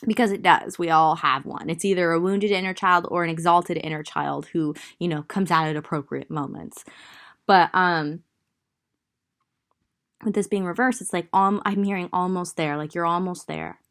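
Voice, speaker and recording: A young woman with a Southern drawl lays out tarot cards in a loose, meandering way, thinking aloud and stopping for fillers. Her voice sits a bit low for a woman. She talks like she's chatting straight to one listener. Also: fairly even intonation, moderate pace, a bit bright. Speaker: tarot reader. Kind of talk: casual tarot reading.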